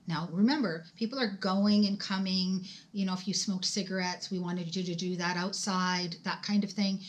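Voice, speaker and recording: A middle-aged woman tells a story from home in a casual storytime vlog, chatty and emphatic as she speaks straight to her viewers. Her voice sits in an ordinary mid pitch. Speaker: vlogger telling a personal story.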